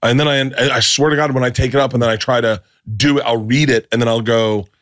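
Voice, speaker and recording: Enthusiastic profane podcast host, dry mic. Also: male voice, mid-range voice, steady tone, fast talker, a bit bright, no room sound. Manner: enthusiastic, profane, eager interjections. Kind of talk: casual podcast conversation.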